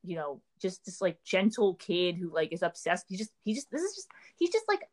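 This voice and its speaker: A woman's voice: on the low side, big pitch swings, a little fast. Rambling young woman, "like" every few words. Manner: rambling, filler-heavy, says "like" constantly. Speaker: podcast co-host. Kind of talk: casual chat.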